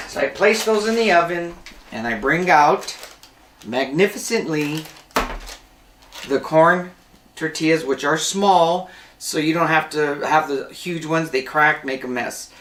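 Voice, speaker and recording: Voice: medium pitch, a bit bright, distant mic. Casual home-cooking host, chatty and rambling, standing away from the mic in an echoey kitchen. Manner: chatty, rambling, self-correcting.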